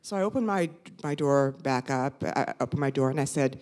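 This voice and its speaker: A woman in her fifties telling a personal story live, animated, conversational and self-mocking. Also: rumbling low, moderate pace, hardly any pauses. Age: 50s.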